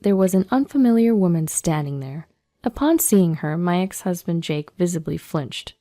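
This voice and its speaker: A woman reading a first-person story as a scripted narration, steady and measured. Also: on the low side.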